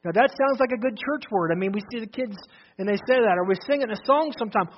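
A male pastor preaching a sermon, swinging from loud shouted declarations to low, hushed emphasis and repeating phrases. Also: animated, fast, lo-fi sound. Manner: repeats phrases, restarts often.

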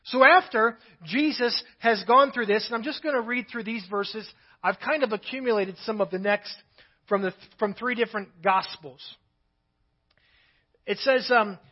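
A man's voice: sits high, slightly rough, lo-fi sound. A male pastor preaching a sermon, reading scripture aloud and breaking off now and then for his own asides.

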